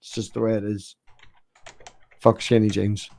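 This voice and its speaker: A man's voice: fairly low pitch, level tone, unhurried, creaky, darkish tone. A man hosting a casual online chat, joking around and swearing freely. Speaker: streamer host.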